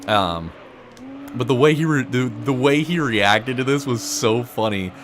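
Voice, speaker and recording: A man's voice: mid-range voice, expressive, unhurried, noisy background. A man casually commenting on his racing game, rambling through a story full of "like" and "you know". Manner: rambling, storytelling, frequent fillers. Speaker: let's play host.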